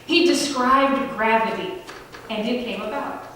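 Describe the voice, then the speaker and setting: A woman pastor preaching a sermon, conversational and emphatic, slowing down to stress key phrases. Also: a little high, a bit bright, a little hiss or hum. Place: large church sanctuary. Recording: echoey hall, voice from far off.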